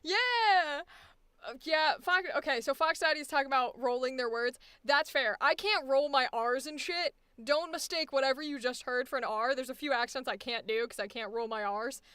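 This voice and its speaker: A woman's voice: sits high, normal speed, bright, forceful tone, dry recording. An American woman coaching voice acting live, blunt and profane, laughing often. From United States. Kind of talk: live-streamed coaching session.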